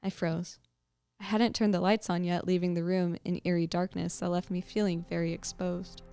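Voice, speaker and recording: A woman podcast host reading a creepy story aloud with expressive, suspenseful storytelling. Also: fairly low pitch, moderate pace, smooth.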